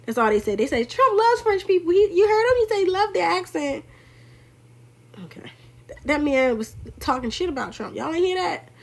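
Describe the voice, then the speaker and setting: A young woman giving casual political commentary on a livestream, in a sassy, emphatic, animated way. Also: sits high, moderate pace, gravelly.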